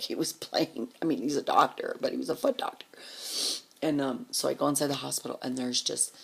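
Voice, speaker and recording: A woman telling a personal story in a casual, blunt, profane way, dropping into hushed whispered asides. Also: a bass voice, vocal fry, husky.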